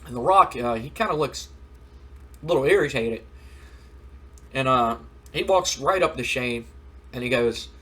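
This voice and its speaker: A man's voice: mid-range voice, lively intonation, unhurried, long pauses, a bit bright, breathy edge. A man hosting a gaming video, casually retelling a wrestling storyline with rambling fillers. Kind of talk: casual let's play narration.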